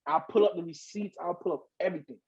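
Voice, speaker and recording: A man who is a podcast guest, telling a story in casual chat, animated and slangy and swearing a lot. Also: high voice, quick pace, slightly rough, lo-fi sound.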